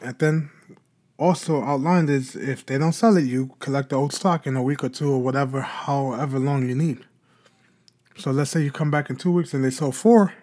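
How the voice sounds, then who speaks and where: A man's voice: fairly high pitch, darkish tone. A man hosting a podcast, explaining in a casual talk and answering his own rhetorical questions. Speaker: podcast host.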